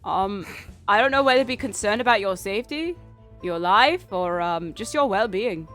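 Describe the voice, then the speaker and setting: A woman's voice: mid-range voice, animated, moderate pace, a bit bright, soft background music, close to an everyday voice. A woman doing an earnest, hesitant young lawyer. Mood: bewildered. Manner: hesitant, lots of ums. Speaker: host. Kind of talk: group fan dub of a game.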